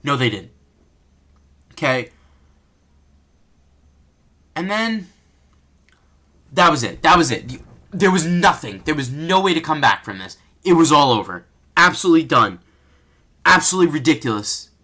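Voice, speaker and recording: Man, lively pitch, higher side, ranting vlogger, exasperated. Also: a little slow, pauses often. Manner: exasperated, ranting, rhetorical questions. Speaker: wrestling commentator vlogger. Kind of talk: unscripted rant.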